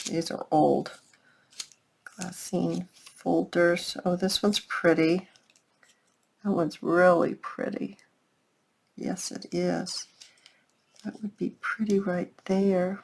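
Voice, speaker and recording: A woman's voice: on the low side, vocal fry. A woman chatting casually while working on a craft project, thinking aloud and talking to her viewers. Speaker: craft vlogger. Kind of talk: casual crafting tutorial chat.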